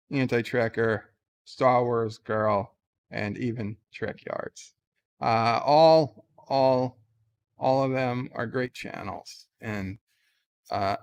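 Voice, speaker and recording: A man hosting a livestream, reading chat comments aloud in a casual, wry way with frequent filler words. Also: fairly high pitch. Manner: reads chat aloud, chatty, lots of uh fillers, wry asides. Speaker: livestream host.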